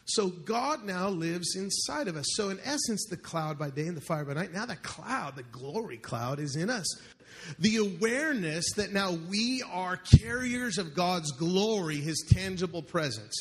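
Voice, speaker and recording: Male pastor, high-pitched, preaches to a live church crowd, playful, keeps quizzing the congregation. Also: animated, measured pace. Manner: joking, calls out questions to the congregation. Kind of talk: sermon.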